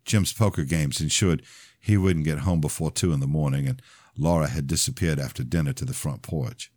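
Low-voiced man reading an audiobook. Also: moderate pace, dry recording, studio quality. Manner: plain, steady first-person storytelling. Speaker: author and audiobook narrator. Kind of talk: audiobook narration.

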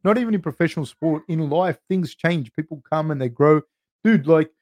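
A man's voice: on the high side, moderate pace, darkish tone, no room sound. An Australian man in his thirties hosting a podcast, answering live chat questions in loose, chatty talk with frequent swearing and "dude". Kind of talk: casual live-stream Q&A.

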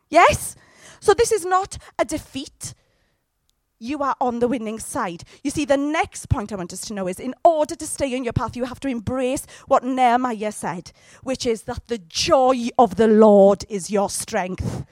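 A woman preaching a sermon, speaking lively and directly and often asking her listeners questions. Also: a little high, a little slow, no room sound.

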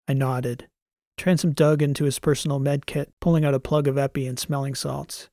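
A man reading a science fiction story as an audiobook narrator, in a measured, even way. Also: mid-range voice, no echo, clean studio sound. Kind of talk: scripted narration.

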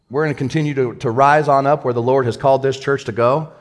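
A man preaching a sermon as pastor, his voice sitting in an ordinary middle pitch. He talks casually and excitably, with plenty of everyday slang between the scripture. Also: fast talker.

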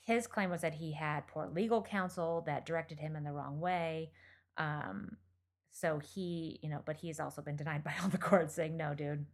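A woman's voice: low-pitched, normal speed. A woman co-hosting a podcast, telling a true crime story in a chatty, blunt way with lots of fillers. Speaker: podcast co-host.

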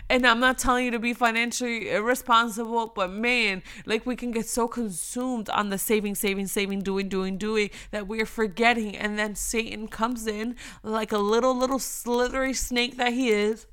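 A young woman giving a heartfelt, emotional faith talk, speaking earnestly and moving between near-whispers and loud emphasis. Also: fairly high pitch, steady tone, moderate pace, smooth.

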